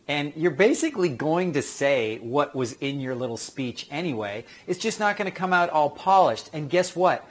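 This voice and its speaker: A man giving casual career advice to actors, chatty and acting out quick quoted exchanges. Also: on the high side. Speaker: acting coach.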